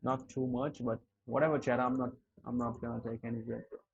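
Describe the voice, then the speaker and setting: A man streams live trades while smoking a cigarette, talking to his chat in an exasperated tone, cursing heavily and calling viewers "dude" and "bro." His medium-pitched voice is flat, brisk and creaky, and the audio has its highs cut off.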